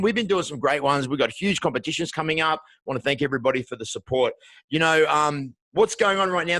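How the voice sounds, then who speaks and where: Bright-voiced Australian man hosting. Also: fairly high pitch, no room sound. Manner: upbeat, welcoming showman patter. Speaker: show host. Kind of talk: podcast interview hosting.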